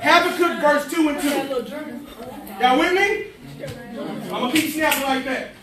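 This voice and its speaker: A man, giving an energetic, preachy motivational speech with call-and-response to students in a large hall. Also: very high-pitched, normal speed. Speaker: motivational speaker. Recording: echoey hall from far off, chattering crowd.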